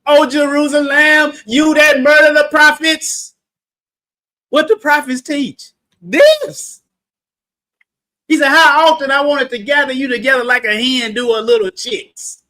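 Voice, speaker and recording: A man leading a livestreamed Bible study in a playful, animated way, breaking into sudden shouts for emphasis and calling on listeners. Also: extremely high pitch, measured pace.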